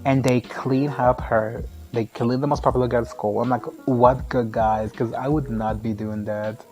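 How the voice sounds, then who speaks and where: A man's voice: mid-range voice, fairly even intonation, normal speed, darkish tone, faint music behind. A man giving a casual, foul-mouthed movie recap, sarcastic and often laughing. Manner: crude, sarcastic, laughs often, mimics characters.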